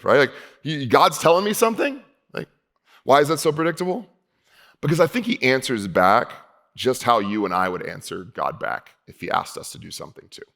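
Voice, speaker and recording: A male pastor preaching a sermon in a casual, conversational way, slowing down for emphasis and dropping low and quiet on key points. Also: lively intonation, gravelly. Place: church hall.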